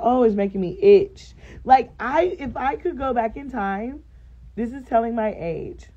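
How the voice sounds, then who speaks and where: A woman's voice: on the high side, animated, normal speed, a little mellow, highs cut off. A woman vlogger chatting casually and expressively straight to her viewers. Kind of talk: casual vlog chat to viewers.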